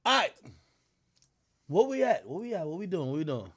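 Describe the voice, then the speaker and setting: A tipsy man rambles through a casual livestream, cursing and laughing as he goes. His slightly high voice leaps up and down in pitch. The sound is dry and close to the mic. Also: big pitch swings, moderate pace, breathy edge, no echo. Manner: laughing, rambling, profane, mimics others.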